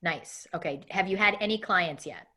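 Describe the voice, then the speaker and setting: A woman in her thirties coaching a student live in a webinar. Her voice is bright and forceful. She talks quickly and acts out sample messages with lots of animation. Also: fairly low pitch. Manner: fast, animated, acts out example emails. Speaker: coaching instructor.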